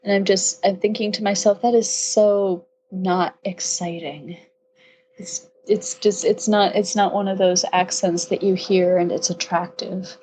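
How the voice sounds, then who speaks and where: A woman's voice: mid-range voice, flat delivery, normal speed, hardly any pauses, a little mellow, slight background noise, low-quality recording. A young woman from upstate New York, a podcast guest chatting casually, rambling and laughing often.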